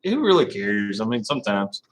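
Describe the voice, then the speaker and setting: A man's voice: on the low side, very animated, normal speed, noisy background. A man hosting a casual live stream, rambling and laughing as he talks to viewers by name.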